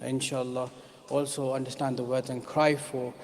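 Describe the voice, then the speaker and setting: A man preaching a mournful sermon, chanting and singing the lines and rising to shouts. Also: medium pitch, little pitch movement, normal speed. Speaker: preacher reciting a lament. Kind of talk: sung, mournful sermon recitation. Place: mosque hall. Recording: long mosque hall reverb.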